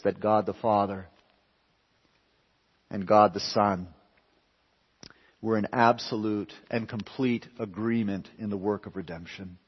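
A man pastor preaching a sermon with emphatic swings between raised and hushed lines. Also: fairly low pitch. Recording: reverberant hall, dull lo-fi sound.

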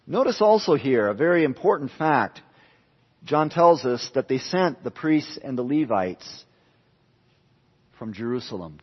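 Husky preacher in an echoing hall. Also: male voice, medium pitch, very animated, unhurried, pauses often. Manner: emphatic, repeats phrases for stress. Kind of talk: expository sermon. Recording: dull lo-fi sound with long hall reverb.

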